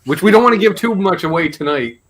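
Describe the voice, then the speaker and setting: A Canadian man hosting a casual live chat, telling animated stories and swearing freely. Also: high-pitched, fast, slight background noise. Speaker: host.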